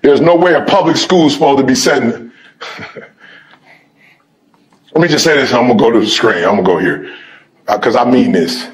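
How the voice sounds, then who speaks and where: A middle-aged man giving a motivational speech to a sports team, switching between fiery shouted exhortation and laid-back storytelling. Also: medium pitch, normal speed, pauses often. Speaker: motivational speaker.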